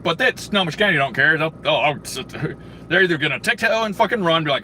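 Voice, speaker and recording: A man's voice: a little high, expressive, a little fast, sharp tone, slight background noise. A man hosting a livestream, ranting crudely and angrily in a rambling way full of fillers and restarts. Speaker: livestream host. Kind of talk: profane ranting monologue.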